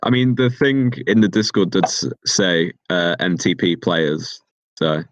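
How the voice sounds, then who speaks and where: A man's voice: low-pitched, expressive, unhurried, no echo, lo-fi sound. A man from Britain on a casual podcast who chips in with playful jokes. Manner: playful interjections. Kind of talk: casual chat.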